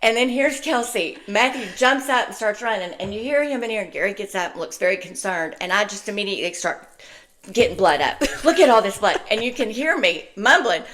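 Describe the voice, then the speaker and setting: An older woman hosting a podcast, telling family stories in casual chat, laughing often and acting out quotes loudly. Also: mid-range voice, animated, a little fast. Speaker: podcast host.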